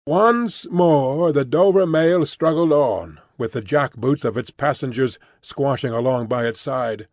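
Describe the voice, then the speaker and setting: A man narrating a classic novel in an expressive storytelling reading. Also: mid-range voice, measured pace, hardly any pauses, dry recording. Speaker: audiobook narrator. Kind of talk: scripted narration. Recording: dry close studio recording.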